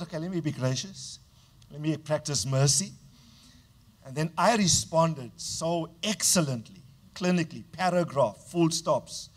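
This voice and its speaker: Emphatic man preaching a sermon. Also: a little high. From South Africa. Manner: emphatic preaching with call-and-response prompts. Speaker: pastor.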